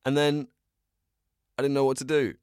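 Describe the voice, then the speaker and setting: A man's voice: mid-range voice, flat delivery, normal speed, a little mellow, clean tone, dry recording, studio quality. A young man hosting a solo podcast, chatting casually in a rambling, self-deprecating way and telling stories with bursts of energy. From England. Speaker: podcast host.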